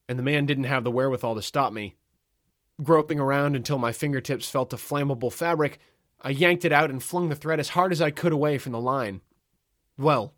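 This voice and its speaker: Guy telling a funny first-person story, wry and deadpan, dry close mic. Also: mid-range voice, no room sound. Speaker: narrator.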